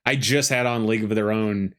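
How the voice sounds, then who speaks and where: Male co-host, slightly low voice, loose joking movie-chat delivery. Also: a bit bright. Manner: rambling, joking storyteller. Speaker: podcast co-host. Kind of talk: casual movie-watch commentary.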